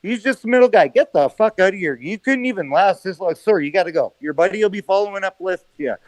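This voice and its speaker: A man's voice: high-pitched, lively intonation, fast talker, dry recording. A man calling in to a hockey postgame show, ranting casually and swearing heavily on a phone or headset mic at home. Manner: heavily profane, rambling. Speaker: call-in caller. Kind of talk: rambling casual rant. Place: small room at home.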